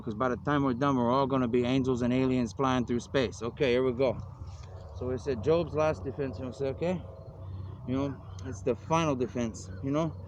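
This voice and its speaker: A man who calls himself a minister, talking in a loose, meandering monologue and constantly adding "man" and "you know". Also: mid-range voice. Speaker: self-described minister. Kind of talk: rambling outdoor monologue. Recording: noisy outdoor street recording. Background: traffic and city noise.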